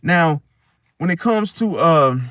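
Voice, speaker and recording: Slangy, animated man with a dry close sound. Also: fairly high pitch, slow pace, no room sound. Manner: animated, slangy, acts out inner voices. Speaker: astrology channel host. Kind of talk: casual spoken monologue.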